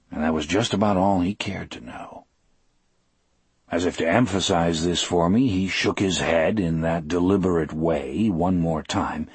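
A man narrating an audiobook in a measured, unhurried first-person telling. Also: low voice, breathy edge, no echo.

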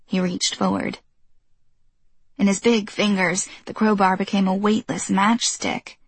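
A woman reading a novel aloud in even, measured audiobook narration. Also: mid-range voice, husky, no room sound.

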